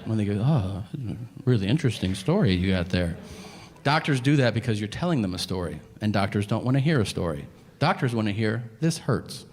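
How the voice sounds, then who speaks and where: A man in his thirties doing a stand-up comedy routine, telling stories and acting out both sides of each conversation in an animated way. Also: mid-range voice. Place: comedy club stage. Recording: live club set with hall reverb and audience noise. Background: audience laughter.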